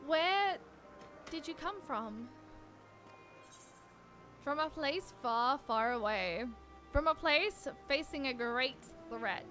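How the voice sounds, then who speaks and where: A gentle, curious young girl-like creature speaks in a soft, earnest, questioning way, as a woman reads her lines from a game. The voice is high and bright, and the pace is slow and unhurried. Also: lively intonation, faint music behind, full character voice. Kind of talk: reading game dialogue aloud.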